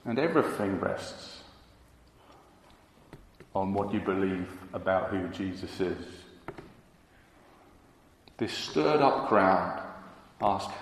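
A man preaching a sermon, slow and emphatic, now and then acting out quotes from the crowd. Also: fairly low pitch, slight background noise. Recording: echoey hall with long reverb.

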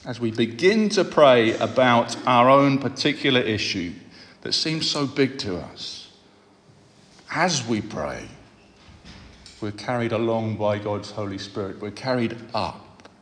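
A man preaching a sermon, speaking in a measured way and repeating phrases for emphasis. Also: medium pitch, animated, a bit bright. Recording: long hall reverb.

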